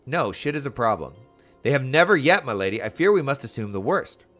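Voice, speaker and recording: A courtly gentleman who speaks in grave, ornate, old-fashioned phrases, read out by a man in his plain voice. His pitch moves up and down freely, and soft music plays behind. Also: sing-song, fairly quick. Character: courtly man speaking in archaic formal English.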